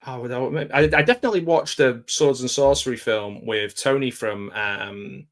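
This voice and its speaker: Chatty man with a soft Manchester accent. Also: mid-range voice, normal speed. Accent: South Manchester English. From England. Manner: chatty, jokey, rambling with restarts. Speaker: guest. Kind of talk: casual video-call chat.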